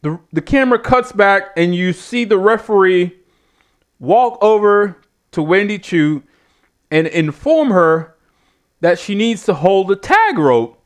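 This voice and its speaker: A man's voice: sits high, animated, measured pace. A man with a slightly raised voice rants in a casual way as he hosts a review show. He rambles, drops curses freely and keeps a dry, mocking edge the whole time. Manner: swears freely, rambling and sardonic. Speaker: show host reviewing wrestling. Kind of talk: casual profane rant.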